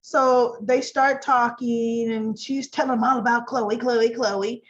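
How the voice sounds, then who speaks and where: Chatty woman going over soap episodes, highish voice, slow and drawn out, keeps clearing her throat. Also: highs cut off. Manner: chatty, animated storytelling with rhetorical questions. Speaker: soap opera recap vlogger. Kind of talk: casual spoken recap.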